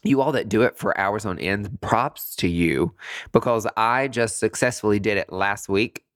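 A man hosting a podcast on his own, telling a story casually and with animation, swearing freely and jumping up in pitch to make a point. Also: normal speed, no room sound, clean studio sound. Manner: animated, chatty, swears freely, jumps high in pitch for emphasis. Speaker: podcast host.

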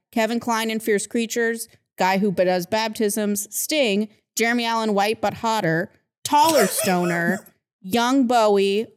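A woman hosting a casual film-review podcast, chatty, with lots of laughter and quick asides. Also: medium pitch. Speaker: podcast host.

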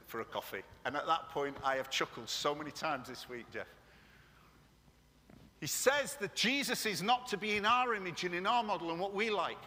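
Passionate high-voiced man preaching in a hall. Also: sharp tone. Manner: passionate, conversational with asides to the congregation. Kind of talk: sermon. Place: church meeting room. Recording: echoey hall.

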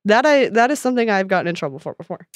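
A woman's voice: medium pitch, big pitch swings, very fast, dry recording, clean studio sound. Wry self-deprecating young woman. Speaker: podcast co-host. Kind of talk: casual advice chat.

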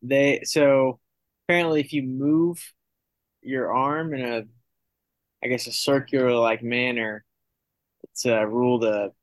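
A man's voice: mid-range voice, fairly even intonation, a little slow, long pauses, no echo. Loose-talking man, dry sound. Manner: loose, hesitant explaining with fillers. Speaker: podcast co-host. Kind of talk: casual sports chat.

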